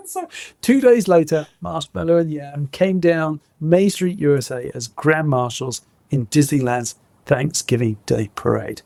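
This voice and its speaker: A middle-aged man tells stories with real energy, laughing along and slipping into the people he quotes. His voice sits a little high with a gravelly fry, recorded dry and close. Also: unhurried, no echo. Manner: lively, laughs often, acts out quotes. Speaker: guest, former innovation head. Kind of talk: animated anecdotal storytelling.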